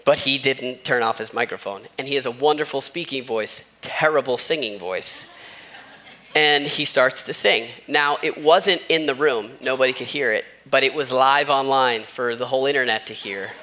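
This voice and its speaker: Using a wireless mic in a church sanctuary, a pastor delivers a conversational sermon full of stories and asides. His mid-range voice has a sharp tone and a moderate pace.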